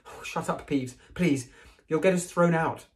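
A man's voice: fairly high pitch, measured pace, pitched above the performer's own voice, natural voice. A man voicing a young schoolboy leader in a storybook reading, breathless and urgent.

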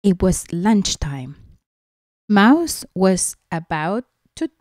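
A woman's voice: medium pitch, very animated, very slow, darkish tone, no room sound, studio quality. A woman teacher reading a picture book aloud to children, coaxing them with little questions. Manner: questioning, coaxing, slips into asides.

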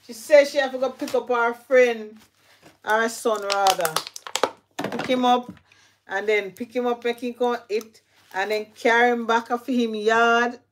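A woman's voice: on the high side, steady tone, a little slow, a little hiss or hum. A middle-aged woman with a Jamaican accent, chatting casually to viewers while tending her plants, repeating herself as she talks. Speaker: gardening vlogger. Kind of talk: casual chat while gardening.

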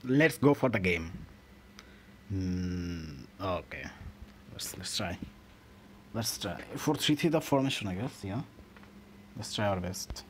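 A young man with a low voice grumbles and swears through his football game, with pitch that swings from sulky mutters to loud outbursts. He talks slowly between plays. A steady hiss of background noise sits under the recording. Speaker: gaming channel host. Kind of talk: frustrated gameplay commentary.

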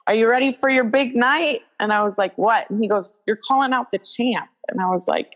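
A young adult woman, a wrestler as interview guest, telling a story in animated casual talk, acting out quoted dialogue with lots of "like" fillers. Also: on the high side, a little fast, highs cut off.

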